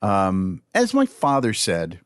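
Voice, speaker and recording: A man's voice: fairly low pitch, huge pitch swings, slow pace, no echo, clean studio sound. A man co-hosting a podcast, telling stories with laughs and agreeing readily. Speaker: podcast co-host. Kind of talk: casual conversational podcast.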